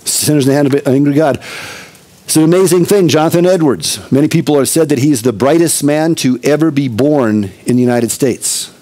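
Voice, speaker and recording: A man's voice: a little high, a little fast, dark tone. A middle-aged male pastor preaching a conversational expository sermon, with emphatic repetition.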